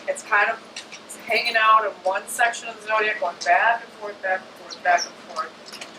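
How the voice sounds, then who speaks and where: Chatty woman astrologer in an echoey room. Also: a little high. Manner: chatty and animated, acts out little voices. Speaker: astrologer speaking to an audience. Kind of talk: informal talk to a live audience. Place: room with a live audience. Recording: echoey room, distant mic, air conditioning hum.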